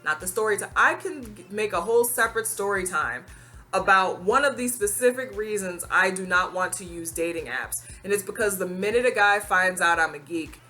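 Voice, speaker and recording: A young adult woman telling a casual storytime vlog, animated and expressive, quick to laugh and acting out what people said. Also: medium pitch, faint music behind.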